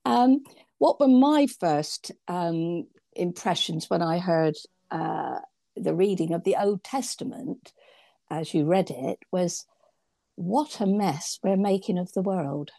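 Gravelly mellow woman on a tablet call. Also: fairly low pitch, slow pace, no room sound, clean studio sound. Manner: hesitant, lots of ums, warm and earnest. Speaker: church member sharing reflections. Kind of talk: casual reflective chat. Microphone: tablet on video call.

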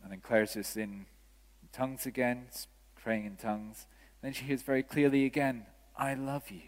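A vicar telling a story in a sermon, quoting the people in it with animated voices. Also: male voice, mid-range voice, moderate pace. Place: church. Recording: church hall with long reverb.

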